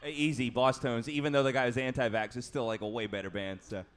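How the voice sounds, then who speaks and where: A man's voice: medium pitch, steady tone, fast talker. A man appearing as a guest on a live podcast stage, giving blunt, dry, short answers. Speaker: guest musician. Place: live music venue stage.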